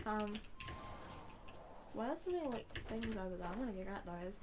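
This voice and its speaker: A young woman streaming a game, chatting playfully and rambling with loud exclamations. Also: a little high, expressive, moderate pace, pauses often, a little hiss or hum. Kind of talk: casual live gameplay commentary.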